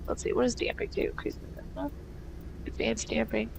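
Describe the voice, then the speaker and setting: A woman's voice: fairly high pitch, steady tone, a little fast, vocal fry, noisy background. A woman casually commentating a video game playthrough, thinking aloud with a stuffy nose. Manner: thinks aloud, rambling with fillers. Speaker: gaming streamer.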